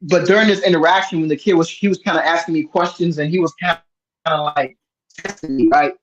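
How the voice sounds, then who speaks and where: Man, fairly high voice, rambling and animated storyteller, dull lo-fi sound. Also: fast talker. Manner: rambling, animated, many restarts. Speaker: host. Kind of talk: casual storytelling chat.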